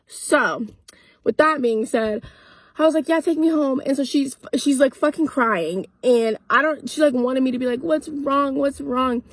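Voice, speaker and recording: A woman's voice: high-pitched, a little slow, no room sound. Young woman telling a blunt storytime. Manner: blunt, profane, animated retelling with quoted dialogue. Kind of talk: casual storytime vlog. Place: parked car.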